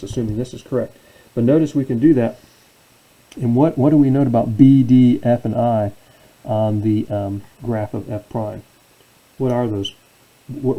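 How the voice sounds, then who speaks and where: A man's voice: fairly low pitch, warm tone, breathy edge, rough recording. A man teaching a calculus lesson as a professor, asking questions and answering them himself. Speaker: math professor. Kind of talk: calculus lecture.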